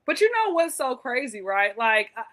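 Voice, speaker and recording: A woman hosting a comedy talk show, loud and playful, teasing her guest in casual banter. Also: high-pitched, big pitch swings, moderate pace.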